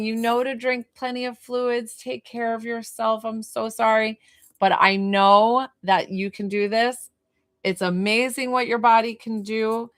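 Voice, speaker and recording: Woman, spiritual healer, livestream session, soothing, guides breathing, chatty asides. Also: mid-range voice. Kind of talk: live-streamed energy healing session.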